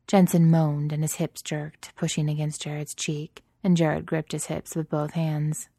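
A woman reading erotic fiction aloud in a soft, intimate, steady manner, slipping into breathy whispers at times. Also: low voice, unhurried, no room sound, studio quality. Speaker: narrator.

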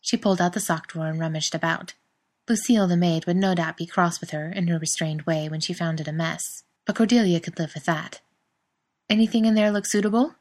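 A woman narrating a story aloud in a calm, even reading voice. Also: fairly low pitch, fairly quick. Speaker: reader.

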